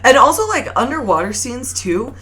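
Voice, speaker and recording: A woman hosting a casual film podcast, animated and laughing often, with frequent swearing. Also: on the high side, moderate pace, a little hiss or hum. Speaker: podcast host.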